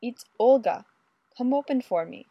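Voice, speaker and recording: A woman reading a story aloud and voicing a foreign woman with a soft, guttural voice, raised higher than her narration. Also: animated, normal speed, husky, no room sound, muffled recording. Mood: insistent.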